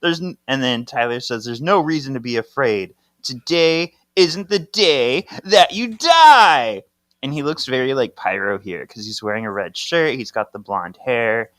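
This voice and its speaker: A man co-hosting a podcast, walking through a comic's panels in an easygoing way. He laughs often and pitches his voice up to act out the characters' lines. The sound is dry and close to the mic. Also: normal speed, few pauses, fairly bright tone, dry recording. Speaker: podcast co-host. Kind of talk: casual chat recapping a comic.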